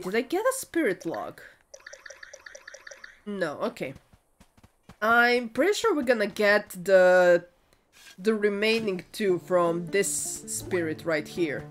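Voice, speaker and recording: A woman commenting as she plays a video game, hesitant and thinking aloud, often correcting herself. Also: mid-range voice. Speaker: gaming video creator. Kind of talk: let's play commentary.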